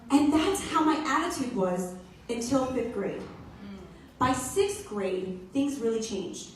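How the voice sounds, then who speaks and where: A young woman tells a personal story to an audience, her voice high and swinging widely as she acts out the quotes. She sounds a little distant from the mic, and the hall around her rings with strong echo. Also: slow. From New York. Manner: animated, acts out quotes in voices, laughs often. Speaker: speaker giving a personal talk. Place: event hall.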